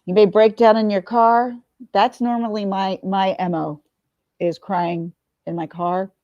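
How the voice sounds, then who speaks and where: A woman's voice: mid-range voice, level tone, a little slow, darkish tone, dry recording, dull audio. Candid tearful woman venting to camera. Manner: candid, tearful at times, swears freely. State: teary. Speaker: vlogger. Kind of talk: emotional confessional talk to camera.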